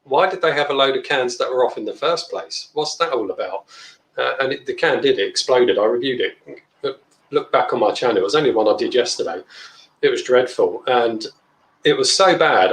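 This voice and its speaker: A man's voice: medium pitch, fairly quick, reverberant, rough recording. A man hosting a casual live beer review, chatting bluntly and reading out viewer comments. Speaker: beer review channel host. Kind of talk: casual live-stream chat.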